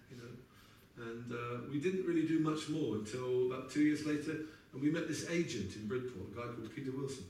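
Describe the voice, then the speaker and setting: Recorded at a distance in an echoey live music venue, with slight background noise and guitar blending in, a man in his sixties tells wry stories between songs. His voice is medium in pitch with a darkish tone, and he laughs at his own chatty tales.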